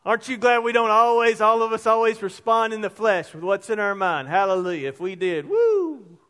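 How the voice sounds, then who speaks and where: A man's voice: high-pitched, steady tone, brisk, a bit bright, clean tone. A male pastor preaching a sermon in a conversational, emphatic way, weaving in personal stories.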